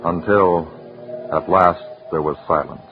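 A man narrating an old radio drama in a measured, suspenseful way, building tension line by line. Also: deep voice, fairly even intonation. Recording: dull old radio recording with music.

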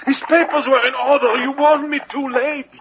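An actor playing a suspicious, nervous gatekeeper officer in a vintage radio drama. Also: male voice, very high-pitched, steady tone, moderate pace, highs cut off. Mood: panicked. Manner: questioning, sneering, then fearful. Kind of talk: 1930s radio drama acting. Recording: scratchy old radio recording.

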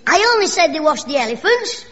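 A man playing a cheeky, mischievous schoolboy with a very high, boyish voice, in 1960s radio sitcom style. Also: big pitch swings, bright, forceful tone, full character voice. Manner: cheeky, quick backchat. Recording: muffled old radio recording, long reverb, hiss.

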